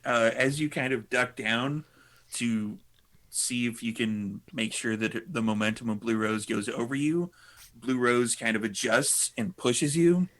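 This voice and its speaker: A man narrating as game master of a tabletop game, explaining rules in a relaxed, joking way. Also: medium pitch.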